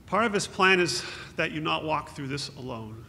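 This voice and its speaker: A man's voice: fairly high pitch, animated, normal speed, pushed and bright. A man giving an earnest, consoling memorial sermon as pastor, quoting scripture. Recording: echoey hall with faint hum.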